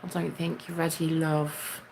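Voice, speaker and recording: Woman livestreamer, low gravelly voice, blunt, swears freely, jumps up high to greet viewers. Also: level tone, moderate pace, a little mellow, slight background noise. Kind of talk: casual live-stream chat with viewers.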